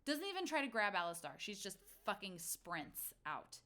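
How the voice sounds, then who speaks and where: Excitable rambling woman player. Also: mid-range voice, moderate pace. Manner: rambling, excitable, swears freely. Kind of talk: casual tabletop role-play.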